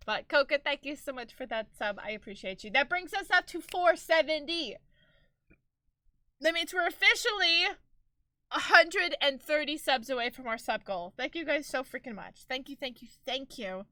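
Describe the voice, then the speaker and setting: A woman streaming live and chatting casually to her viewers, expressive and quick to laugh. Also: high voice, no room sound.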